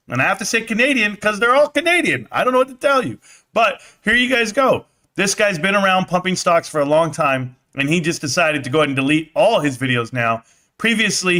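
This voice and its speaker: A man's voice: on the high side, pushed and bright. A man in a YouTube commentary clip, delivering an accusatory, mocking rant.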